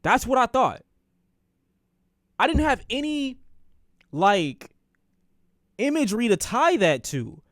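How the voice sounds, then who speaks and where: A young man, a streamer, telling a personal story in a casual, animated way, swearing freely and repeating phrases for emphasis. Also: very high voice, slow, pauses often, dry recording, studio quality.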